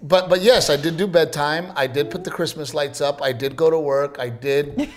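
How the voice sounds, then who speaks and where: Animated man telling stories on a podcast. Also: normal speed, over loud music. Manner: animated storyteller, acts out quotes with big pitch jumps. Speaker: podcast co-host. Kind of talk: casual chat.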